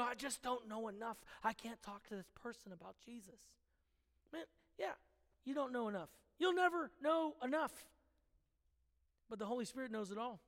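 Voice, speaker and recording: High-voiced man preaching in a hall. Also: a bit bright. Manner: emphatic, conversational preaching with direct questions to listeners. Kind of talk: sermon.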